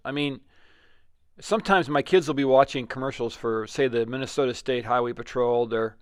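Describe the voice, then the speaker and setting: A man's voice: mid-range voice, moderate pace, clear, resonant tone, no room sound, studio quality. A man hosting an interview, asking questions in a hesitant, inquisitive way with frequent restarts. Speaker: host. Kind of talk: conversational interview.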